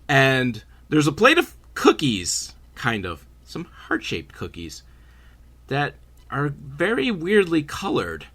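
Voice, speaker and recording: A man's voice: mid-range voice, bright, forceful tone. A man hosting a podcast, casually recapping a horror movie with sarcastic, swearing asides. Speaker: podcast host.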